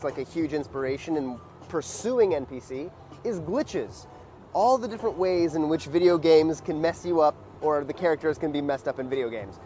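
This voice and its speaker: A man teaching a dance lesson in a loose, casual way, with many fillers and beat sounds like "boom.". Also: a little mellow.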